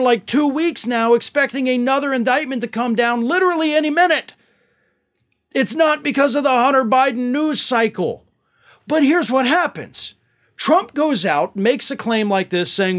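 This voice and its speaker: A man hosting political commentary, talking in a sarcastic, mocking and exasperated way. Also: very high-pitched.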